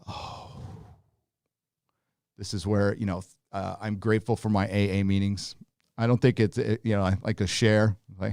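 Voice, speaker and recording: A man hosts a live review show in a loose, sarcastic way, full of laughs and fillers. His voice sits fairly low. The sound is dry, with no room echo. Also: level tone, moderate pace, vocal fry, a little mellow. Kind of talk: live casual review commentary.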